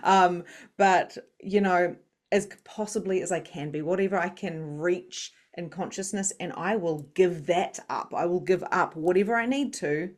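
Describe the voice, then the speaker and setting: A middle-aged woman, an interview guest, tells her story in an animated way, acting out the voices she quotes and laughing often. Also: on the low side, unhurried. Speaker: psychic medium and coach, interview guest.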